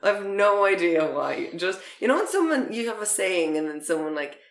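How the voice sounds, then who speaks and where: Young Irish woman, chatty, quick laughs and swearing, animated pitch, roomy sound. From Ireland. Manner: laughs often, swears freely. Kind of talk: casual chat.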